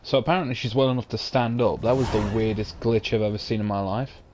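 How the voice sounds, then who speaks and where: A young British gamer commentates his let's-play casually and sarcastically, swearing and talking to himself as he plays. He talks fast in a lowish, a little mellow voice with fairly even intonation, over slight background noise.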